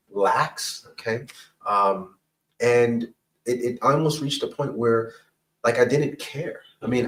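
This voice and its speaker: A man's voice: medium pitch, a bit bright, distant mic, rough recording. A middle-aged man, a counselor and pastor, telling a personal story to a podcast host in an earnest, emphatic way, often checking in with "right?" and "okay?". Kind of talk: candid personal storytelling in an interview.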